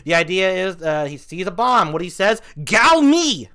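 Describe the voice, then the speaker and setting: A man's voice: high voice, moderate pace, bright, forceful tone, smooth. A man doing comedic commentary as a vlogger, ranting with mock outrage.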